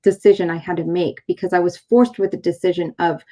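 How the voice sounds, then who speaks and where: A woman's voice: lowish voice, steady tone, brisk, dark tone. A woman in her thirties from San Diego, a chiropractor hosting a show, telling a personal story in casual conversation. She tells it animatedly, acts out the dialogue, and uses many fillers and restarts. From San Diego, California.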